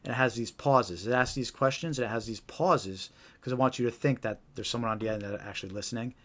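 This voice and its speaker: Fast-talking man hosting a live stream. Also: medium pitch, a bit bright. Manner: casual, explanatory, repeats "right?". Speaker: host.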